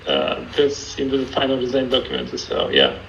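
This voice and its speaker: A man calmly answering technical questions as a guest in an online Q&A, explaining step by step. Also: mid-range voice, moderate pace, gravelly, dull audio, a little hiss or hum. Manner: calm, explanatory, some restarts. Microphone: video call.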